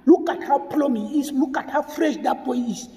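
A man's voice: very high voice, normal speed, mellow, roomy sound, big-room sound. A man talking to his viewers in an emotional video commentary, tearful and repeating himself as he appeals to them. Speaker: vlogger.

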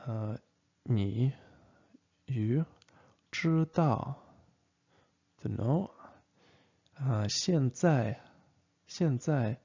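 A man teaching a casual spoken language lesson, talking slowly and haltingly with many fillers and frequent "okay?" checks. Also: mid-range voice, lively intonation, mellow, slightly rough. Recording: dull lo-fi recording.

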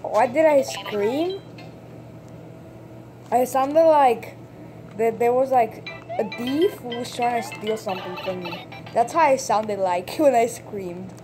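Woman let's-player, slightly high voice, unhurried talk, game music under her. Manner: chatty, bursts into excited shouts at the game. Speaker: gameplay commentator. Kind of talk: casual let's-play commentary. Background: video game music.

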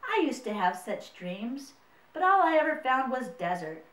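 A smug, scornful fat old mouse, as a woman reading aloud puts him on, snorting and dismissive, pitched up high. Heard from across a roomy space. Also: sing-song, normal speed, fairly bright tone, distant mic. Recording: roomy, mic set away.

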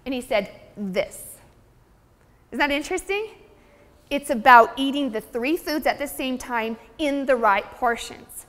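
A woman's voice: sits high, expressive, normal speed, fairly bright tone. A woman presenting a nutrition seminar, talking in an upbeat, chatty way to her audience. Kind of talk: live seminar lecture. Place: seminar room. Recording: long hall reverb.

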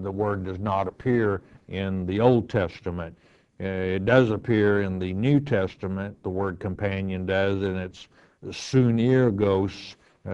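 Male pastor answering bible questions, slow and firm, lowish voice, dull lo-fi sound. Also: a little mellow. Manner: slow, measured, firm and matter-of-fact. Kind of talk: radio bible teaching.

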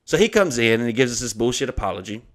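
Brief: male comedian host, mid pitch, heated and profane anecdote delivery. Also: very animated, quick pace. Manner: heated, swearing, acts out quoted people.

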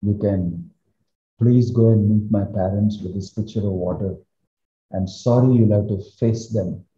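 A man's voice: on the low side, fairly even intonation, unhurried, dark tone, lightly acted. A man voicing a wounded young man who cries out in pain and reproach, then resigns himself. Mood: resigned. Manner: crying out in reproach. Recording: roomy, slightly dull recording.

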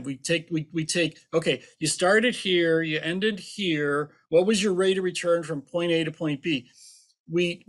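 Man, guest accountant, emphatic, teasing, slightly high voice. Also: a bit bright. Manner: emphatic, teasing, explains with everyday examples. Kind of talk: interview answers.

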